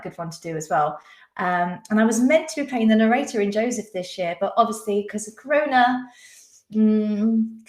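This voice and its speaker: A woman's voice: medium pitch, echoey room. A young woman hosting a live online quiz, chatting casually, giggling often and reading viewers' comments aloud. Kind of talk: casual live-stream chat.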